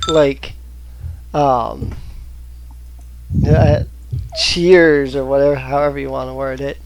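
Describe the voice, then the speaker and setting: A game master narrating a tabletop game over voice chat, slow and hesitant with many fillers. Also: female voice, a bass voice, steady tone, a little mellow. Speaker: dungeon master.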